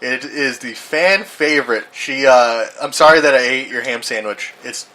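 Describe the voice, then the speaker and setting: Young male podcast host, bright voice, jokey, laughs a lot. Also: mid-range voice, normal speed, poor audio. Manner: laughs often, introduces guests playfully. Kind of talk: casual group podcast chat.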